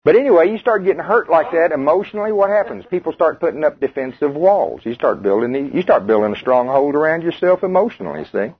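A man's voice: a little high, animated, fast, few pauses, slightly rough. A man preaching a sermon, talking conversationally and putting questions to the congregation. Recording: tinny radio broadcast.

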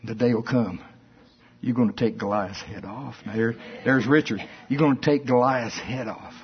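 A man preaching a folksy, animated sermon that rises to shouts at its peaks. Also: mid-range voice, moderate pace, breathy edge. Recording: dull lo-fi recording.

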